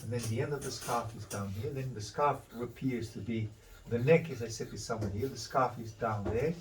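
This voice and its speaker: A man's voice: medium pitch, a little fast. Male art teacher, live drawing demo, self-correcting, a bit far from the mic, faint hiss behind. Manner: talks through each step, correcting himself as he draws. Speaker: art instructor.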